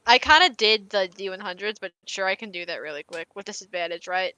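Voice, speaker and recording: A woman's voice: medium pitch, fairly quick, sharp tone, clean tone, low-quality recording. A woman playing a tabletop game, chatting casually with self-deprecating, pleading remarks. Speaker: player.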